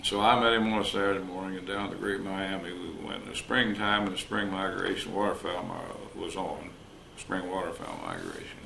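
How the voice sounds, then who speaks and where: Older man with a deep gravelly voice. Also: moderate pace, hardly any pauses, sharp tone. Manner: folksy, anecdotal, acts out quoted dialogue. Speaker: retired wildlife officer interviewee. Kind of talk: storytelling interview. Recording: roomy recording with faint noise.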